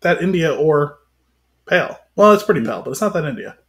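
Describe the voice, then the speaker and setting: A man co-hosting a relaxed podcast chat, cracking jokes and rambling with playful wordplay. His voice sits notably high for a man. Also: fast talker. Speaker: podcast co-host.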